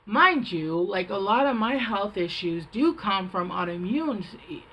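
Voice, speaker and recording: A woman's voice: mid-range voice, lively intonation, a little slow, pushed and bright, highs cut off. A woman giving a casual tarot reading, talking bluntly with lots of swearing, fillers and rambling asides. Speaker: tarot reader.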